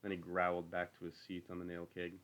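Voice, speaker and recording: A man reading an audiobook, narrating in a steady, unhurried way. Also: low voice. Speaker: audiobook reader.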